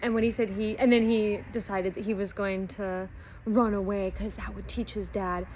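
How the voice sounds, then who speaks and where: Woman book reviewer, relaxed chatty storyteller, mid-pitched, loose with fillers. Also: moderate pace, a little hiss or hum, rough recording. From not Australian. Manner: chatty retelling with frequent ums and likes. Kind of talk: casual book review chat.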